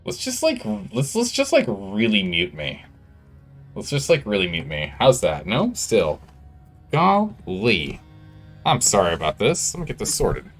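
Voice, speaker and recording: A man's voice: lowish voice, wildly swooping pitch, measured pace, a bit bright, soft background music. A man streaming a game, chatting casually with viewers while fiddling with his microphone levels. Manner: chatty, distracted while fixing audio levels. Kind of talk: casual live-stream chat. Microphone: studio microphone with gain control.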